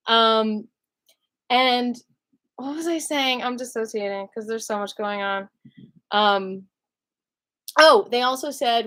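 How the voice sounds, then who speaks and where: A woman's voice: a little slow, long pauses. A young woman telling a personal story to camera in an emotional vlog, acting out the voices of the people in it. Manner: animated, acts out other people's lines with big pitch jumps.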